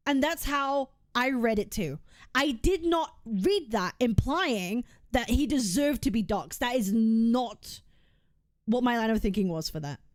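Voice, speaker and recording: A woman's voice: fairly high pitch, a little mellow, no room sound, studio quality. A woman streamer making a heated, argumentative case on stream, emphatic and often repeating herself. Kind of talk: heated reaction rant.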